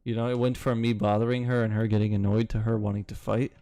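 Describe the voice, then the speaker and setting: A man's voice: fairly low pitch, level tone, fast talker, dark tone, smooth, dry recording, clean studio sound. A young man, chatting casually with his live-stream audience, rambling and swearing now and then. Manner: rambling, swears casually, reads chat aloud. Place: home, city with bootcamps he attended.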